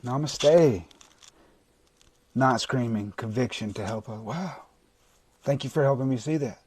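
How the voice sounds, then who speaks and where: A man streaming live as a recovery coach, talking bluntly to his viewers and swearing often, with sudden shouting and long stretches of quieter, softer talk. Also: medium pitch, measured pace, slightly rough. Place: indoors, livestream. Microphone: phone or webcam mic.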